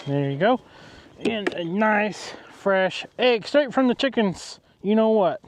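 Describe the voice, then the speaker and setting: A man's voice: high voice, lively intonation, slow, a little hiss or hum. A man, an easygoing farmer chatting outdoors on his farm and talking to his animals. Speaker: farmer, vlogger. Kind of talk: casual farm vlog.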